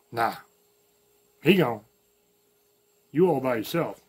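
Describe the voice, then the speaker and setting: A man's voice: a little high, animated, moderate pace, long pauses. A man from the American South with a light Southern accent, giving a blunt, folksy opinion monologue as a channel host, full of slang and profanity. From American South, mountains.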